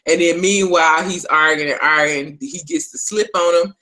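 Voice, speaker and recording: A woman co-hosting a casual recap, telling the story in an animated way, acting out the characters' lines, with lots of fillers. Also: sits low, moderate pace, poor audio. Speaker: podcast co-host.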